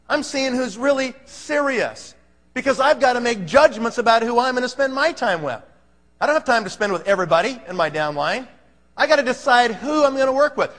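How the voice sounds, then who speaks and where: A man's voice: very high-pitched, animated, a little fast, fairly bright tone. A man giving an emphatic, pumped-up motivational talk to a live audience, firing off rhetorical questions. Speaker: motivational speaker. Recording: long hall reverb.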